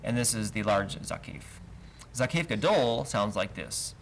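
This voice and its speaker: This Hebrew teacher has a fairly low voice with vocal fry, and his pitch rises and falls widely as he goes a little slowly through the text verse by verse. He patiently walks through the cantillation marks, singing out each trope name. Faint noise runs under the livestream audio.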